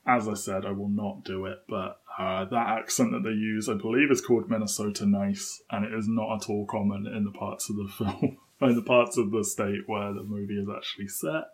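Chatty low-voiced man co-hosting a podcast. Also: fairly even intonation, brisk. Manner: chatty, laughs often, many fillers. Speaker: podcast co-host. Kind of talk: casual film discussion.

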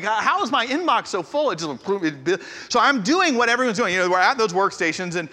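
Pastor guy preaching, kinda high voice, chatty and self-deprecating, big echoey church hall. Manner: conversational, self-deprecating, animated with emphatic outbursts. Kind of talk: sermon with storytelling. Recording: long hall reverb.

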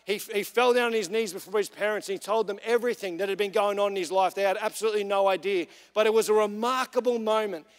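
High-voiced man preaching in a reverberant church. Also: fairly even intonation, fast talker, hardly any pauses. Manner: earnest storytelling with frequent fillers. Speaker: young adults pastor. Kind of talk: church sermon. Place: large church hall. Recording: long reverb of a church hall.

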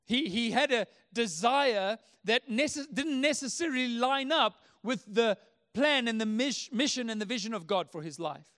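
A man's voice: very high-pitched, expressive, moderate pace, fairly bright tone. A man preaching a sermon as a pastor, earnest and emphatic, often repeating his key phrases.

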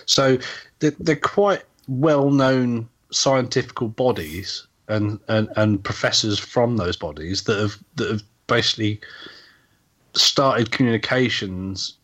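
A man co-hosting a casual podcast, talking in a rambling, halting way with lots of fillers and restarts. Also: medium pitch, fairly bright tone. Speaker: podcast co-host.

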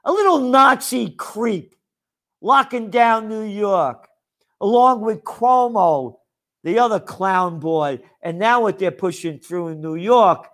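A man's voice: high-pitched, expressive, slow, a bit bright. An older man, a trend forecaster, delivering a sarcastic, scornful ranting monologue full of name-calling.

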